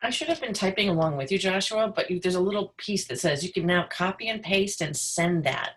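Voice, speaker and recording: A woman's voice: lowish voice, animated, fairly quick, a bit bright. A woman student chatting in an online class, friendly and talkative, repeating herself as she goes.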